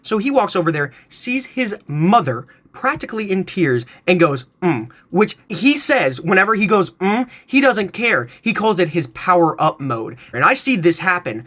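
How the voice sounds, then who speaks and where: A young man in his twenties spins a comic family story straight into his phone, his voice swooping up and down as he goes. The tone is bright and ringing, sitting a little high for a man. He plays every part with theatrical relish. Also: very animated, moderate pace, hardly any pauses. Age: 20s. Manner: playful, theatrical, acts out other people's voices. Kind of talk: animated storytelling to camera.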